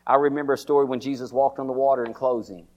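Folksy preacher man, repetitive. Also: quick pace. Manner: folksy, repeats words, rises to high excited pitch when preaching; addresses listeners by name. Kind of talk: sermon.

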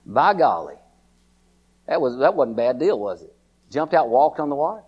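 A man delivers a folksy, repetitive sermon, frequently calling listeners by name and climbing to a high, excited pitch as he preaches. He moves at a moderate pace with long pauses, and the recording's high frequencies are cut off.

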